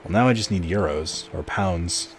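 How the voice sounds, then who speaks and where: A man's voice: deep voice, moderate pace, soft background music. A man streaming a game and chatting with viewers in a rambling, casual way, full of fillers and restarts. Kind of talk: casual live-stream chat while gaming.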